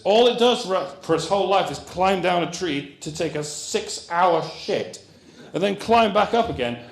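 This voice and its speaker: A man giving a comic lecture at a conference, animated and jokey with rambling asides. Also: high voice, creaky. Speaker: comedian giving a conference talk. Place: conference hall. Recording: roomy hall echo.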